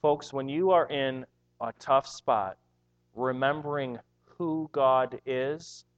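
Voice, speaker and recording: A man's voice: mid-range voice, takes it slowly. Earnest preacher man, lo-fi sound. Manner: earnest, emphatic preaching with repeated words. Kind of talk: sermon.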